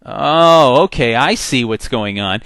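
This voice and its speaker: A man teaching a software tutorial in a chatty way, acting out the program's messages in little voices. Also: mid-range voice, expressive, slow pace, no room sound. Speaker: software instructor. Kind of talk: screen-recorded software tutorial.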